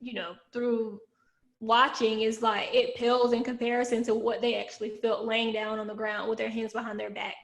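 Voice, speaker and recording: A woman hosting a podcast, with a gravelly voice, talking in a hesitant way full of fillers. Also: a little high, little pitch movement, normal speed. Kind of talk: casual podcast chat.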